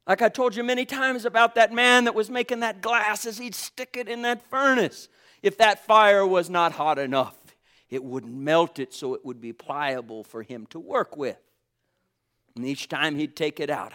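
A man preaching a sermon, fervent, swinging from loud exclamations to hushed asides and calling out to the congregation. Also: fairly high pitch. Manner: calls out to the congregation and chuckles often.

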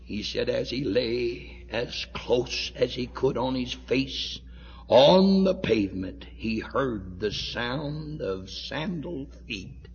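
A man preaching a sermon, telling a story dramatically and swinging from hushed tones to shouts. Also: mid-range voice, lively intonation, slow, creaky. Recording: dull echoey hall recording.

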